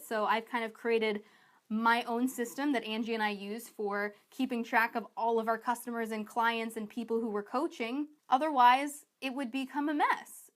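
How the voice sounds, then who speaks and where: A business coach with a somewhat high voice gives a sales training talk to other coaches. She's chatty, energetic and emphatic, often slipping into her clients' voices for quick asides.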